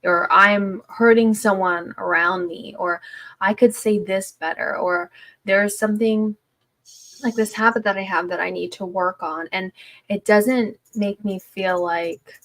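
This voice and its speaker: A woman's voice: medium pitch, steady tone, a little slow, a bit bright. A woman, a stay-at-home mom, sharing her story in a casual livestream chat, rambling with many fillers and restarts.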